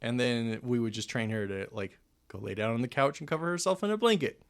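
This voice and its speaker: A young man hosts a relaxed podcast chat at a middling pitch, rambling through his thoughts with plenty of restarts. He pokes fun at himself and breaks into laughter now and then. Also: brisk. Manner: rambling, self-deprecating, laughs often. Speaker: podcast host. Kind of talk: casual chat.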